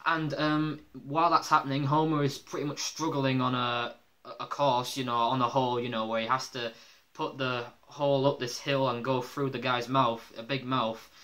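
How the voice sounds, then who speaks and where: Bright-voiced man rambling through a review. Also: mid-range voice, level tone, normal speed. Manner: rambling, laughs often, many fillers. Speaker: episode reviewer. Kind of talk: casual spoken review.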